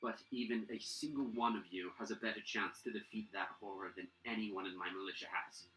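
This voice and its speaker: Man voicing town governor, male, solemn, formal, weary, low and soft, echoey room. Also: fairly even intonation, a little hiss or hum. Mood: grave. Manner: solemn, measured, lower and softer.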